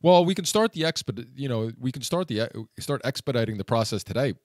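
A man's voice: medium pitch, animated, fairly quick, a little mellow, dry recording, studio quality, voice pushed up, close to an everyday voice. Man mimicking a breezy, careless contractor. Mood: nonchalant. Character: nonchalant, unapologetic male contractor.

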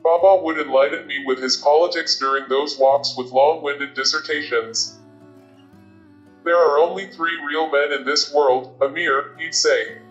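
A man reading a novel aloud as an audiobook narrator, with a steady, even storytelling delivery. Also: a little high. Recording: roomy, dull lo-fi sound. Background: faint guitar music.

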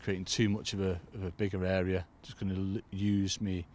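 Speaking a little fast in a low, slightly mellow voice with little pitch movement, a UK angling coach gives a casual lakeside fishing tutorial in the cold. He keeps addressing his audience as "folks," and there is slight background noise.

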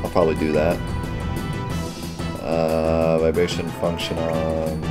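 A man's voice: rumbling low, monotone, slow, loud music behind the voice. A man hosting a let's play, giving casual gameplay commentary and muttering asides while he reads menus.

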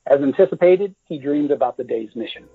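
Husky man reading his novel. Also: mid-range voice, expressive, a little fast. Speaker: author reading his book. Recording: dry, tinny phone-like audio.

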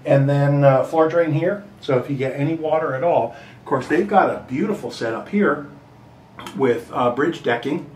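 A man's voice: fairly high pitch, normal speed, darkish tone, slight background noise. A middle-aged man giving a rambling, joking house tour as a real estate agent, slightly out of breath. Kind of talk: casual walkthrough talking to camera. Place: inside a large empty house. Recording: echoey empty rooms.

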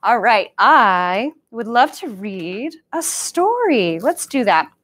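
A woman's voice: fairly high pitch, very animated, slow, a bit bright. A woman leading a live-streamed baby storytime as a children's librarian, talking sing-song and playful, making animal sounds, heard through a camera across the room.

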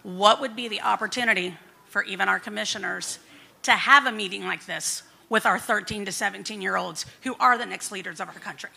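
Woman resident asking a question, husky with some gravel, bright tone, earnest. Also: medium pitch, a little fast. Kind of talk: audience question.

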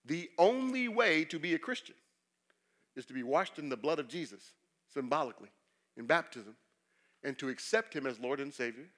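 A man preaching a sermon as pastor, asking the congregation questions and swinging between loud emphasis and quiet, confessional passages. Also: fairly high pitch, expressive, normal speed. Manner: asks the congregation rhetorical questions.

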